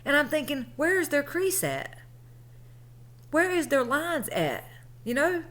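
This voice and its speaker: A woman's voice: high voice, sing-song, unhurried, a bit bright. Chatty woman telling a story. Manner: chatty, colloquial, conversational. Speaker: vlogger. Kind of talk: casual storytelling.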